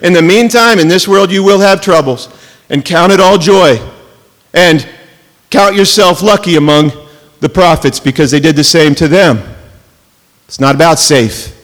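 A man giving a sermon as a pastor, mixing casual storytelling and jokes with emphatic preaching, slowing down to stress key words. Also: fairly high pitch, fairly bright tone, big-room sound. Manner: conversational storytelling with jokes and asides.

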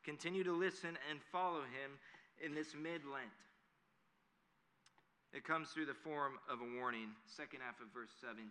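A man's voice: medium pitch, moderate pace, pushed and bright. A man preaching a sermon in an earnest way that builds to emphatic declarations. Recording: long hall reverb.

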